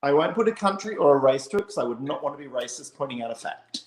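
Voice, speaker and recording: A man's voice: mid-range voice, lively intonation, fast. A man co-hosting a casual chat show, emphatic and swearing freely. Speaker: co-host. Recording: roomy echo.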